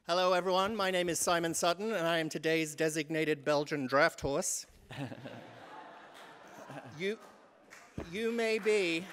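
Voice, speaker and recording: A man's voice: a little high, a bit bright, slight background noise. English man telling self-deprecating church stories. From England. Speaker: church vestry member. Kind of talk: humorous stewardship talk to a congregation.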